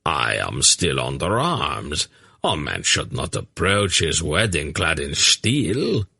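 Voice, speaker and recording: A man's voice: extremely low pitch, very animated, takes it slowly, creaky, bright, forceful tone, husky, no echo, studio quality, full character voice. A man voicing a solemn armored knight who speaks in stiff, old-fashioned formal phrases.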